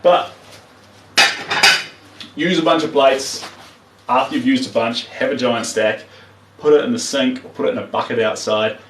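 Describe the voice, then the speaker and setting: A man's voice: mid-range voice, moderate pace, pauses often, recorded from a distance, background noise. Chatty Kiwi man in roomy studio. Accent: New Zealand. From New Zealand. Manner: chatty, talks to viewers, trails off while working. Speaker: artist streaming live. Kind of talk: casual live-stream chat while painting. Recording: roomy, mic set back from speaker.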